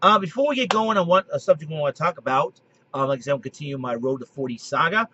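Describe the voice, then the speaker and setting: A man in his late thirties hosting a casual monologue video from his basement, rambling with frequent restarts and throat clearing. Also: on the high side, expressive, fast talker, bright, forceful tone. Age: 30s. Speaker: video host. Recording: dull lo-fi home recording with faint noise.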